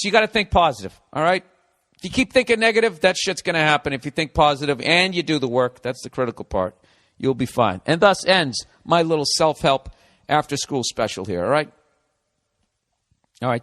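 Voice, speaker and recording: A blunt male podcast host in a loose, swear-filled rant. He pitches a little high and keeps riffing off his own jokes. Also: fairly bright tone. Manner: blunt, swears constantly, riffs. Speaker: podcast host giving advice. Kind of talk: casual profane rant.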